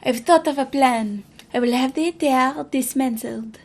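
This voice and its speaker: A woman voicing a proud, troubled French queen reading from her journal, with a put-on French accent and a dramatic, measured delivery. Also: high voice. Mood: regal, grave.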